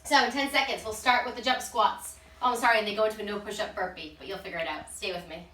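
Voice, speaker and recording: A woman's voice: medium pitch, fast talker, fairly bright tone, a little hiss or hum. A woman leading a follow-along workout, out of breath, counting reps aloud and cheering the class on. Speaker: fitness instructor. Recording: roomy sound from a distance.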